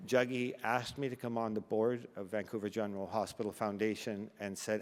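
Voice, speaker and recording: An older Canadian man gives an emotional acceptance speech after receiving an award, using self-deprecating humor and halting restarts while fighting back tears. His lowish voice is flat in delivery, and his halting words echo with the long reverb of a large banquet hall.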